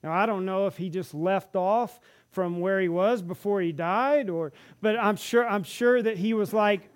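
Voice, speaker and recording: A man with a notably high-pitched voice delivers a storytelling sermon in a church. He is animated, dropping into the voices of the people in the stories he tells. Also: unhurried, few pauses. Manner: animated, acts out the characters' lines in the stories. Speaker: preacher.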